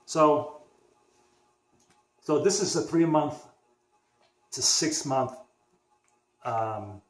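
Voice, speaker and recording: A man's voice: a little high, animated, very slow. A young man from the Boston area telling a personal story on his vlog in a casual, rambling way, restarting sentences and acting out what others said. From Boston area, USA. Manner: rambling, restarts often, acts out dialogue. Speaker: vlogger. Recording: echoey room.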